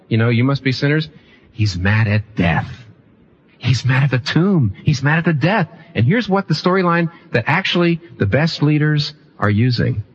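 Male pastor, mid-pitched, animated sermon delivery with restarts; dull lo-fi recording. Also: slight background noise. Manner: animated, repeats phrases, restarts mid-sentence.

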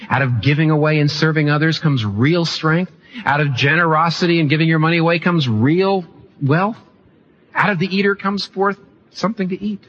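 Male pastor, mid-pitched, animated sermon delivery with restarts; dull lo-fi recording. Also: a little hiss or hum. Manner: animated, repeats phrases, restarts mid-sentence.

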